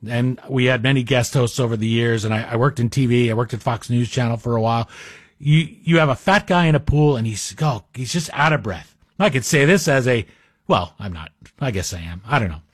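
A man's voice: mid-range voice, brisk, dry recording. A man guest-hosting a talk radio show, speaking in a rambling, self-deprecating, conversational monologue into a studio microphone.

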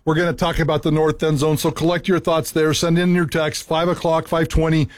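A man's voice: fairly high pitch, flat delivery, brisk. A man co-hosting a sports radio show, casually plugging upcoming segments. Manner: upbeat, promoting upcoming segments.

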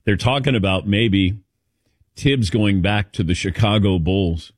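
A man's voice: on the low side, normal speed, dry recording, clean studio sound. A man hosting a sports talk radio show, chatting casually and rambling with lots of fillers. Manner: lively, rambling with many fillers. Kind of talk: casual radio chat taking calls.

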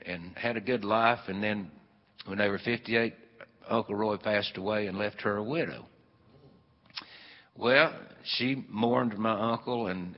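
Folksy man telling a story. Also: fairly low pitch. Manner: folksy and meandering, with many fillers. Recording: dull, hall-echoed live recording.

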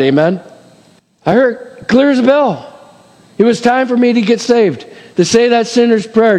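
Male preacher, fairly high voice, dynamic sermon delivery, long hall reverb. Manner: expressive, swings between loud and hushed.

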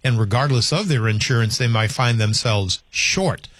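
A man's voice: medium pitch, normal speed, fairly bright tone, dry recording. Dry-voiced male radio talk host. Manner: conversational, rambling with restarts. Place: radio studio. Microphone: studio microphone.

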